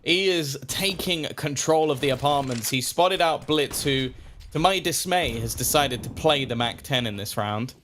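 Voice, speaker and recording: A man's voice: medium pitch, a bit bright. Male esports caster, playful play-by-play, faint hiss behind. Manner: quick, playful, joking banter. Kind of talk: play-by-play commentary.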